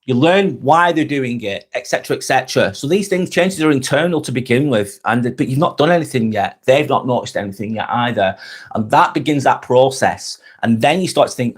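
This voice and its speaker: A man's voice: medium pitch, lively intonation, a little fast, husky. English man swearing through casual live chat. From England. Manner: swears freely, rambling and repetitive. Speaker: live vlog host.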